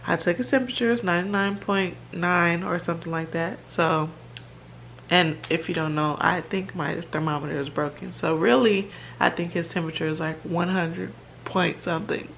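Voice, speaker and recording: Gravelly-voiced mom vlogging at home. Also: female voice, on the low side, steady tone, moderate pace, a bit bright, slight background noise. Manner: chatty and rambling, with fillers and laughs. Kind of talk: casual chat to camera. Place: her home, by the kitchen.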